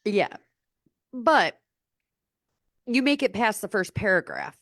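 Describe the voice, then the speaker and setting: A woman's voice: medium pitch, sing-song, slow, a bit bright, no room sound, clean studio sound. A woman author being interviewed, chatty and self-deprecating, laughing often. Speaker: author guest. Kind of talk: casual interview chat.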